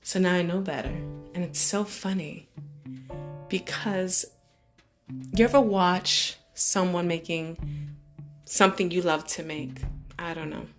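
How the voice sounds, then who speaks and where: A woman vlogger talks straight to her followers in an emphatic, expressive way, slowing down and then speeding up to drive each point home. Plucked guitar music plays clearly behind her voice. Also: lowish voice. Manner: emphatic, expressive, shifting pace. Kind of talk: motivational monologue to followers.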